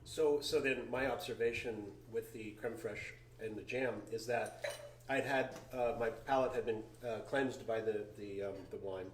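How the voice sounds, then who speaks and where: A man's voice: medium pitch, normal speed. A man, a winery founder, describing in detail how the food and wine taste during a casual tasting. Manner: descriptive, lingers on flavors. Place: wine cellar. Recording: roomy, distant mic, faint noise.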